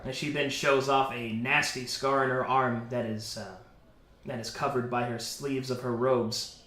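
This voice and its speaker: Slow-talking male game master. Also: mid-range voice, little pitch movement, pushed and bright. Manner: unhurried storytelling with fillers. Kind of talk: narrating a tabletop game for stream chat. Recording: echoey room.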